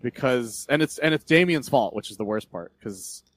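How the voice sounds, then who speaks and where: A man co-hosting a podcast, rambling through a comic book plot with lots of swearing and quick retellings of scenes. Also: medium pitch, lively intonation. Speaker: podcast co-host. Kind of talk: casual chat about comics.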